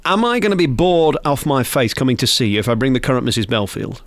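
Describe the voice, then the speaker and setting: Male interviewer, cheeky and provocative, mid-pitched voice, dry close recording. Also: very animated, quick pace, dry recording. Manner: teasing, jokey, provocative. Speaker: interviewer, radio host.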